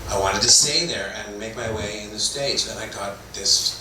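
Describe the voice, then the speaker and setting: This middle-aged Toronto actor speaks at a normal speed in a voice on the low side, rambling through self-deprecating anecdotes for a convention panel. Echo from the hall, a distant mic and background noise mark the recording.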